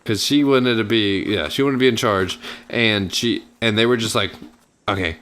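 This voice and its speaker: A man's voice: fairly low pitch, moderate pace, a bit bright. A man casually telling a long, rambling story over gameplay, full of fillers, acting out what people said. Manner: rambling, filler-heavy, acts out quotes. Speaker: gaming channel host.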